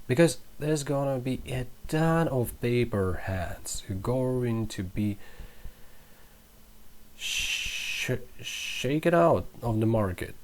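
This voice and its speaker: A young man hosting a crypto channel, rambling and self-mocking as he comments over charts. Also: slow pace. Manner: rambling, self-mocking, animated swings in pitch.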